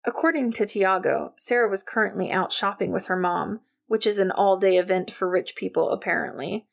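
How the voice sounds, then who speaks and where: A woman narrating an audiobook in a wry, lively storytelling manner. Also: mid-range voice, moderate pace, gravelly.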